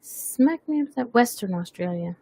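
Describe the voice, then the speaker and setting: A woman's voice: a little high, lively intonation, normal speed, dark tone. A woman hosting a webcast, chatting casually, teasing herself and laughing often. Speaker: webcast host. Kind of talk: casual chat.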